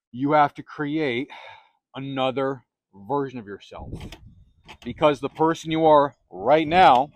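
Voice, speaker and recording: A man's voice: mid-range voice, no echo. A man hosting a self-help channel, giving a motivational talk to camera in emphatic, repetitive, punchy phrases on a close microphone.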